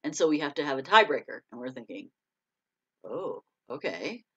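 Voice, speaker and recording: A middle-aged American woman, an author, chatting casually to a live audience, laughing often and breaking into excited bursts. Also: sits low, racing, breathy edge. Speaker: author hosting a live chat. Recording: dull lo-fi stream audio.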